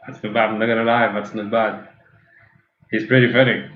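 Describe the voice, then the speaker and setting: A man's voice: on the low side, level tone, a little fast, echoey room, phone-quality sound, soft background music. Sarcastic man reacting to clips. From Mauritius. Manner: sarcastic, swears freely, switches between English and French. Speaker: host reviewing TikTok clips. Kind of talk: casual reaction commentary.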